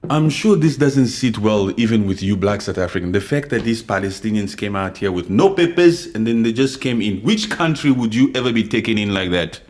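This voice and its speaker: A man from Congo hosting an unscripted opinion podcast, talking forcefully and confrontationally, swinging between loud outbursts and quiet asides. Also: lowish voice, lively intonation, fairly quick, hardly any pauses. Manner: reads and answers live comments. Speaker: podcast host.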